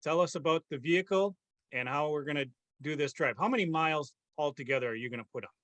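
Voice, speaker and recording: A fairly high-voiced man from Wisconsin hosts a relaxed podcast chat. He jokes and ribs his co-hosts in a loose, playful way. His voice sits dry and close, with no room sound around it. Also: quick pace, dry recording. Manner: jokey, teasing, drops in mock-Canadian slang. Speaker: podcast host. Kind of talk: casual chat.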